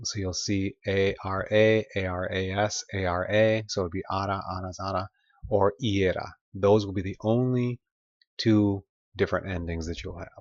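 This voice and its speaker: A man's voice: sits low, dry recording, highs cut off. A man teaching a recorded grammar lesson, patiently modeling words for listeners to repeat. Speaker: Spanish teacher.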